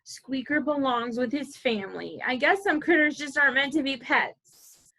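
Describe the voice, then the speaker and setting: A woman librarian reading a picture book aloud to preschoolers, animated and playful, asking the children questions as she goes. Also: high voice, moderate pace, rough recording.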